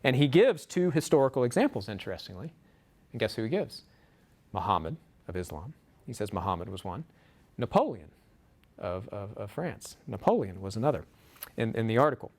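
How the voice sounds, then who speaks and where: A man giving a lecture to a small group, animated, acting out quotes from the book. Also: on the low side, fairly quick, long pauses. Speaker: speaker. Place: room with a small audience. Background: audience laughter.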